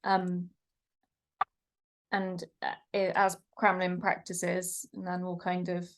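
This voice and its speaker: Low-voiced woman playing a tabletop game. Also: completely flat delivery, takes it slowly, noisy background. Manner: tentative, thinking aloud. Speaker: player. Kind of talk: casual tabletop chat.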